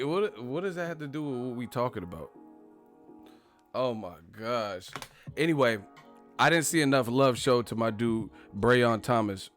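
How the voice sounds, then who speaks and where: A man hosting a live chat stream, talking casually and trash-talking commenters with loud bursts and laughs. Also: medium pitch. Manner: brash trash talk, frequent laughing.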